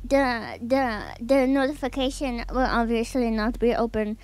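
A woman streamer chatting casually to her viewers, giggly and excitable, rambling with lots of fillers. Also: a little high, measured pace, smooth.

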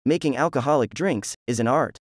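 A man voicing a gruff, hot-tempered adult male swordsman who growls threats, pitched up from his usual voice. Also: a little fast, dry recording, clean studio sound, lightly acted.

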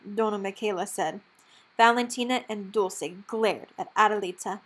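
A woman narrating a children's storybook aloud in a clear, steady storytelling manner. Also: mid-range voice, moderate pace. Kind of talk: children's book read-aloud.

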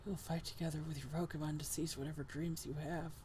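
A woman reading game dialogue aloud, voicing a scheming young male villain who speaks low and hushed, then rises to a fanatical shout. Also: level tone, fast talker, breathy edge. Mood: brooding.

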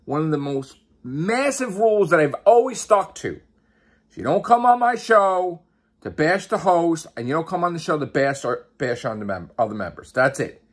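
Man, vlog rant, exasperated, profane, repeats questions, high pitch, lively swings. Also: normal speed, breathy edge. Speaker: YouTuber and podcast host. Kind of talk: angry ranting vlog.

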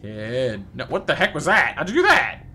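A man's voice: mid-range voice, wildly swooping pitch, moderate pace, pushed and bright, breathy edge. A young man doing playful live gameplay commentary, chatting with viewers by name and coaxing game characters along. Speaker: streamer.

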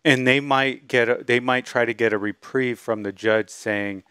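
A man hosting a casual gaming chat, giving his opinions in a relaxed, frank way. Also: medium pitch, normal speed, few pauses, clear, resonant tone, no room sound, studio quality. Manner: opinionated, laid-back. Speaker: podcast host.

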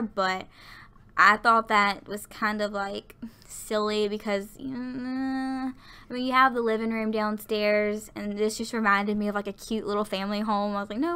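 A young woman from lower Alabama, chatting and rambling through a casual video game voiceover, audibly out of breath. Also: pushed and bright, clear, resonant tone. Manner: rambling, chatty, lots of fillers. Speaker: Sims build YouTuber.

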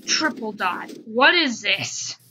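A woman's voice: fairly high pitch, expressive, slow, background noise. A woman giving casual, playful gameplay commentary, chatting and humming little tunes as she plays. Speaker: gamer.

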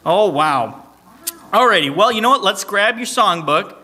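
A man hosting a church service as song leader, making announcements in a playful, teasing way with quick joking asides. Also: sits high, animated, bright, forceful tone. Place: church sanctuary, streamed online.

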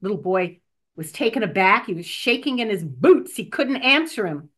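A woman reading a joke and a devotional at church, expressive and deliberate. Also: a little high, slightly rough. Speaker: church lay reader.

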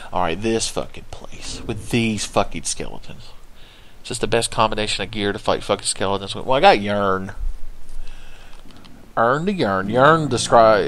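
A man's voice: fairly low pitch, fairly bright tone. A man giving casual, profane, sarcastic commentary while playing a video game. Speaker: gameplay commentator. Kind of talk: casual let's-play commentary.

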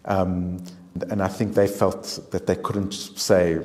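A man, an author speaking as a guest on a discussion panel, answering in a halting way full of repeated words and restarts. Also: low voice, flat delivery, a little mellow. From South Africa.

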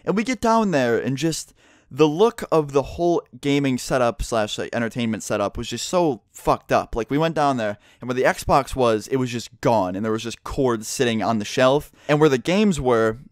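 A man's voice: medium pitch, expressive, no room sound, studio quality. A young man telling a casual story to camera, rambling and swearing freely. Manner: rapid, profane, rambling storytelling. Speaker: vlogger.

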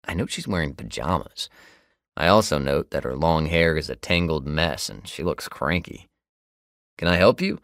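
A man's voice: extremely low pitch, fairly bright tone, no room sound. A man narrating a romance novel in the first person, easygoing and wry. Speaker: audiobook narrator. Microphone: close studio mic. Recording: dry studio booth.

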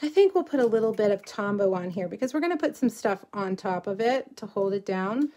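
A woman's voice: mid-range voice, expressive, a little fast, dark tone. A middle-aged woman from South Texas with a drawl, chatting casually and rambling as she hosts a crafting livestream and reads out viewer comments.

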